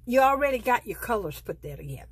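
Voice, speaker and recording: A woman's voice: on the high side, very animated, fast, husky. A middle-aged woman, chatting with her viewers as she flips through a sticker book and gushes over each page. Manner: chatty, gushing, talks softly to viewers. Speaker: planner vlogger. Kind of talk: casual show-and-tell of a sticker book.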